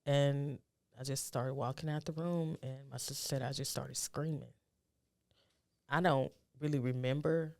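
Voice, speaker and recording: A middle-aged woman with a gravelly, rough-edged voice shares a personal story as a guest. She talks in a soft, halting, reflective way and turns urgent when she offers advice. Her voice sounds dry and close, with no room around it. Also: rumbling low, steady tone, dry recording.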